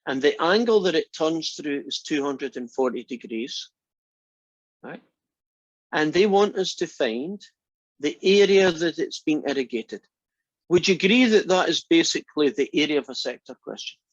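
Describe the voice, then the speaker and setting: This man's voice is on the high side and animated, delivered at a moderate pace without echo. As a math instructor, he lectures in a chatty, teasing way and often quizzes the class, on a dull lo-fi recording.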